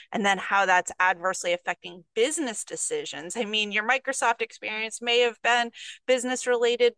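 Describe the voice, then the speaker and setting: A woman's voice: medium pitch, sharp tone, clean tone, no room sound, rough recording. A woman attorney hosting an interview, thoughtfully posing long hypothetical questions. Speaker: host, attorney. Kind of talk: conversational interview.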